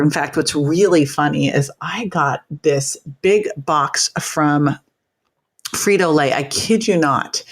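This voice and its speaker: A woman hosting a podcast, upbeat and animated, explaining things simply in casual talk. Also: sits low. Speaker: podcast host.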